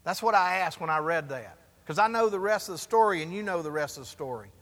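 Man pastor, high bright voice, preaching sermon with call-and-response, church hall reverb. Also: lively intonation, fast.

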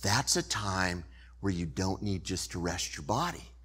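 A man preaches as a pastor and tells his story in an animated way. His voice is bright and forward, and he keeps an unhurried pace. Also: sits low, husky. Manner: animated storytelling, shifting from loud to hushed. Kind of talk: sermon.

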